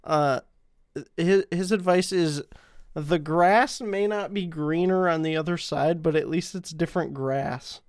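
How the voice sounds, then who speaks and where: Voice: mid-range voice, measured pace, dry recording, studio quality. A podcast host chatting casually, laughing easily and teasing.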